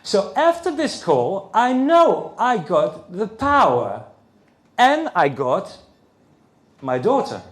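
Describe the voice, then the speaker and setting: Animated man telling a story in a roomy hall. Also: high voice, slow. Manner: animated storytelling, acting out the other people's lines. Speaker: speaker at a men's issues conference. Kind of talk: personal story told to a live audience. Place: conference hall.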